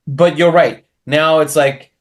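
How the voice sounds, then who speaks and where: A man in casual conversation, his voice sitting a touch higher than most men's. He tells stories with lively gestures in his voice, jumping into little voices for the people in them. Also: slow pace. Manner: animated, acts out voices in anecdotes. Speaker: martial arts instructor and interviewer.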